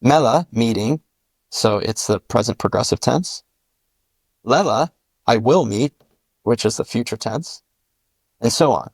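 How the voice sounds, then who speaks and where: Gravelly man explaining language sounds. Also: mid-range voice, lively intonation, a little slow, long pauses, no room sound. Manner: methodical, spells out sounds with examples. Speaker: linguist guest explaining his constructed language. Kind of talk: patient step-by-step explanation.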